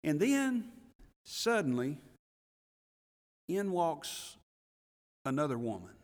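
Male church elder preaching, earnest and a bit high-voiced, repeating words as he builds rhetorical questions, long hall reverb. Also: big pitch swings, takes it slowly. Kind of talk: sermon.

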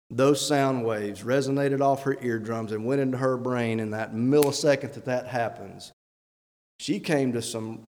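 A man, a church elder, preaching a sermon with emphatic rhetorical questions and reading scripture aloud. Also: mid-range voice. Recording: long hall reverb.

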